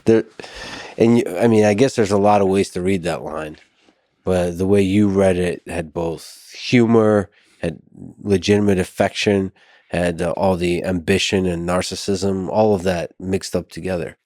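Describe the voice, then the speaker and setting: A male podcast host asking questions in a halting, searching way. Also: low-pitched, fairly even intonation, darkish tone, no echo, clean studio sound. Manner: halting, searching phrasing with repeats. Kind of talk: interview questions.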